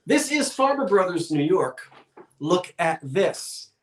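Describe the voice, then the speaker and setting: A man's voice: sits high, sing-song, slow, reverberant. A man hosting a live-streamed online auction, talking in a chatty, folksy way with rambling asides. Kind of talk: live-streamed sale, casual chat.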